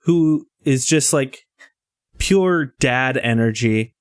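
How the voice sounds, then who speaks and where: A man's voice: medium pitch, takes it slowly, no room sound, studio quality. A man co-hosting a casual podcast, talking in a laid-back, self-deprecating way with lots of "like". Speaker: podcast co-host.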